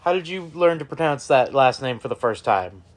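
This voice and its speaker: Male co-host, mid pitch, dry ribbing humor, casual chat. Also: animated, moderate pace.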